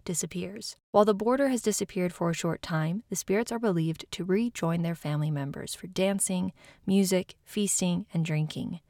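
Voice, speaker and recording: A woman's voice: lowish voice, normal speed, darkish tone, dry recording, clean studio sound. A woman hosting a podcast, reading a scripted narration with friendly, self-deprecating asides. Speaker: podcast host.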